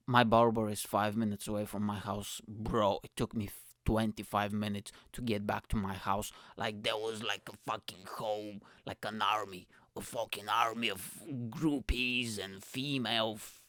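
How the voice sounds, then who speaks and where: A man's voice: lowish voice, flat delivery, moderate pace, few pauses, fairly bright tone, dry recording, clean studio sound. Profane ranting young man. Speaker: podcast host. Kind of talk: ranting comedy monologue.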